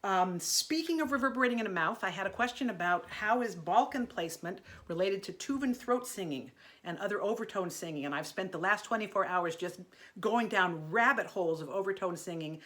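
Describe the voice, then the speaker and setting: A woman's voice: mid-range voice, animated, fairly quick, a bit bright. A middle-aged woman teaching an online singing lesson, chatty and encouraging, breaking off into sung vocal exercises.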